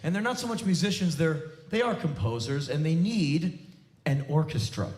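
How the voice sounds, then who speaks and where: A man's voice: a little high, a little hiss or hum. Profane sarcastic man on a theater stage. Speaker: spoken word performer. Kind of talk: live stand-up monologue. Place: large theater stage, live audience. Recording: echoey live theater recording.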